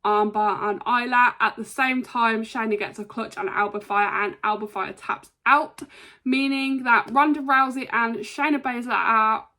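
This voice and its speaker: A woman casually recapping a wrestling show, chatty with lots of ums and quick impressions. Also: on the high side, fairly even intonation, pushed and bright. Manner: chatty, frequent ums, brief imitations of wrestlers.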